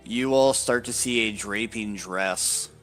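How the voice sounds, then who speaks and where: Low-voiced guy narrating a tabletop game, slow with lots of ums. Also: a bit bright, soft background music. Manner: unhurried, hesitant, many ums. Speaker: dungeon master.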